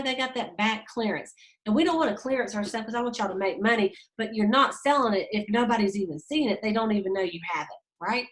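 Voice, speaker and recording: A woman, leading a sales team and giving a casual, fast, chatty training talk aimed straight at her listeners. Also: mid-range voice. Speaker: direct sales team leader.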